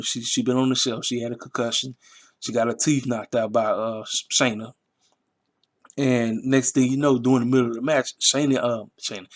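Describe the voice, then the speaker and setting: A man in the middle of his pitch range rants through a wrestling recap. His talk is casual and rambling, full of emphatic repeats and street slang. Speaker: wrestling review channel host. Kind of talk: casual commentary.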